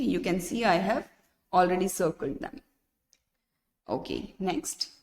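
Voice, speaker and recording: Slow-speaking woman teacher, reverberant room. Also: lowish voice, vocal fry. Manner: patient, checks in with "right?" and "okay"; spells out letters and lists words one by one. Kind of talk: workbook lesson walkthrough.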